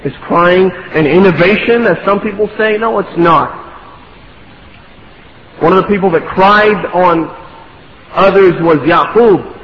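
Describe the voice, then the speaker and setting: A man's voice: high voice, measured pace, pauses often, slight background noise. A man preaching a sermon, impassioned, building to pleading rhetorical questions. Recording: echoey hall, dull lo-fi sound.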